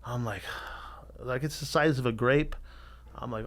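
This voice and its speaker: A middle-aged man, a tattoo artist guesting on a podcast, telling his story in a candid, animated way and swearing freely. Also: mid-range voice, measured pace. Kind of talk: casual storytelling interview.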